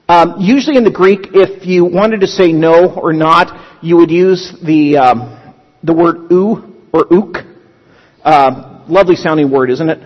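A male pastor preaching a sermon in a conversational teaching manner, with humorous asides. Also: high-pitched. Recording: dull lo-fi sound with long hall reverb.

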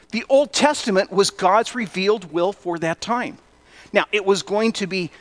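A man's voice: sits high, fairly bright tone. A middle-aged man preaching a sermon in a conversational way, with self-deprecating asides. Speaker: pastor.

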